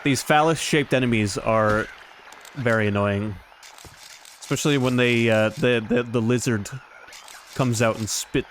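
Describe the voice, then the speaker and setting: A man's voice: medium pitch, steady tone, a little slow, pauses often, a bit bright, slight background noise. A man giving casual let's-play commentary as a game streamer, joking and rambling with sarcastic asides.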